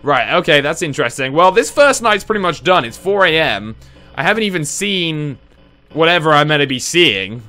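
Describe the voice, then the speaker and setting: A man giving casual let's play commentary on a horror game, chatty and confused, reacting out loud. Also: a little high, big pitch swings, moderate pace, soft background music. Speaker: gaming video host.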